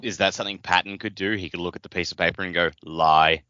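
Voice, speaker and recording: A low-voiced man with a bright, forceful edge cuts in with dry, blunt remarks and casual swearing during a relaxed book chat. The audio is dry and close, slightly lo-fi. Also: racing, dry recording. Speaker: podcast co-host.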